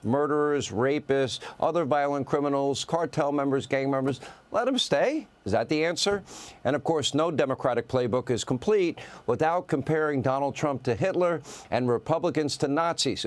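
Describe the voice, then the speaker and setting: A man hosting a news opinion segment, delivering a sarcastic monologue in punchy lists. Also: mid-range voice. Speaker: news host.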